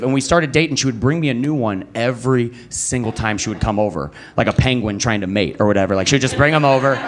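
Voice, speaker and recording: A young man performing a stand-up comedy set at a comedy club, telling a story and acting out quoted voices. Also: slight background noise. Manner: animated storytelling, acting out quotes with pitch jumps. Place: comedy club stage before a live audience.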